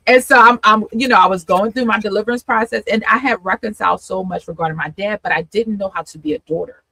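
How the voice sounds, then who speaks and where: A woman's voice: medium pitch, moderate pace, pushed and bright, husky, no echo, rough recording. A woman hosting a live talk, telling her story with feeling, laughing often and acting out her past self. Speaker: host and coach. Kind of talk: candid testimony in a live conversation.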